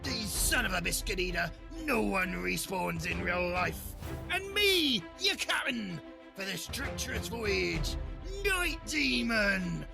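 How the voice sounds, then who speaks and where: A woman's voice: medium pitch, big pitch swings, takes it slowly, gravelly, heavily acted. A woman voicing a swaggering female pirate captain who introduces a podcast crew in theatrical pirate slang. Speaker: show intro announcer. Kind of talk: scripted pirate-themed show intro. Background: music.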